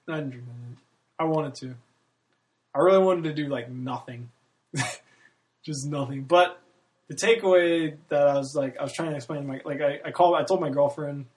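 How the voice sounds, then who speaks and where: Casting note: man, early thirties, solo podcast host, candid and profane, slightly high voice. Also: moderate pace, long pauses, darkish tone. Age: 30s. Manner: profane, candid, laughs often. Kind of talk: casual rambling monologue.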